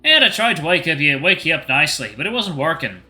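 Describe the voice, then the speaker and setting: A man's voice: fairly high pitch, sing-song, fast talker, pushed and bright, soft background music, exaggerated voice. A man voicing blunt no-nonsense Anders. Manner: direct, matter-of-fact.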